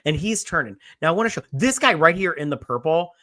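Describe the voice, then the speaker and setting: A man co-hosting a casual movie review podcast, animated, acting out characters' lines and swearing freely. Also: on the high side, fast, no echo, studio quality. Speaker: podcast co-host.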